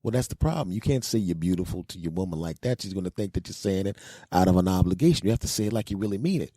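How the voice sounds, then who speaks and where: Husky-voiced man ranting comically. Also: lowish voice, animated, fast, warm tone, no echo, studio quality. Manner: griping, exasperated, profane. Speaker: comedy podcast host. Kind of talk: comedic rant with acted-out scenes.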